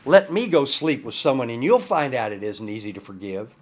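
Dude reading a bitter betrayed husband, husky voice, mid pitch, not really acting it. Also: male voice, big pitch swings, fairly quick. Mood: angry hurt. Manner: bitter, read aloud. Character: angry, hurt husband in marriage counseling.

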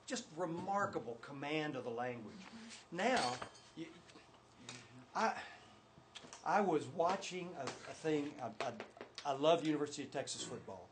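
A man's voice: fairly high pitch, animated, a little slow, pauses often, background noise. An older man teaching a church class with slides, talking in an enthusiastic, emphatic way. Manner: enthusiastic, emphatic, talks with restarts.

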